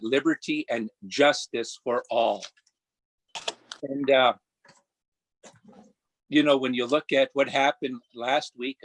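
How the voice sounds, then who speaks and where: Older council guy from minnesota, earnest and slow-building remarks, middle pitch, dry close sound. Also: fairly bright tone, no room sound. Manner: earnest and deliberate, with halting restarts. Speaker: city council member. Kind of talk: prepared remarks at a council meeting. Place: council chamber.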